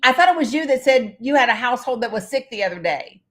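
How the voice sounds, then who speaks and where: A woman's voice: a little high, animated, fast, fairly bright tone. Chatty woman hosting a live stream. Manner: chatty, talks straight to viewers by name; blunt, swears casually. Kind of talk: casual live stream chat.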